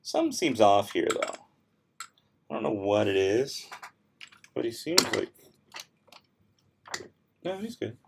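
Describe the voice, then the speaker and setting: Heavy background noise surrounds a young livestream host who reads viewer comments aloud while working. His low-ish, gravelly voice is very animated but slow, broken by long pauses. Laid-back, easily exasperated, and mumbling as he works, he sounds tired and worn, like he's losing his voice.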